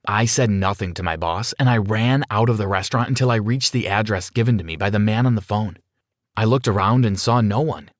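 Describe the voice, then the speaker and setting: A man narrating a dramatic first-person story in an expressive reading style. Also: fairly low pitch, brisk, dry recording, studio quality.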